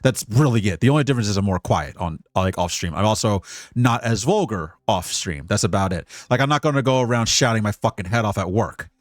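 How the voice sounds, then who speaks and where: A man streaming as a VTuber, giving casual commentary in a rambling, profane, emotionally animated way. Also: lowish voice, a little fast, no room sound, clean studio sound.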